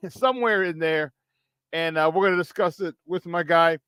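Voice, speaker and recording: A male sports radio host with a slightly higher voice, talking fast and energetically and laughing often. He hypes up the show and tells stories from his own playing days. The sound is dry and close, with no room behind it. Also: fairly bright tone, clear, resonant tone, no room sound. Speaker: former football player. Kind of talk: casual sports talk monologue.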